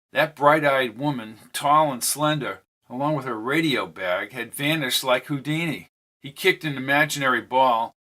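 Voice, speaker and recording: A man giving a steady, descriptive audiobook narration. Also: mid-range voice. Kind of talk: scripted narration.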